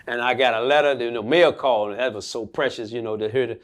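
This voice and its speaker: A man, a pastor, telling his own story in an interview, earnest and animated, acting out the voices he quotes. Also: mid-range voice, fast talker. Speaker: pastor and guest. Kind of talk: emotional personal storytelling.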